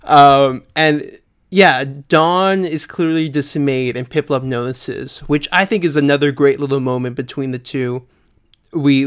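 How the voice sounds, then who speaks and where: A man co-hosting a podcast in casual chat, chatty, filling pauses with ums and often laughing. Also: medium pitch, fairly bright tone, smooth. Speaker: podcast co-host.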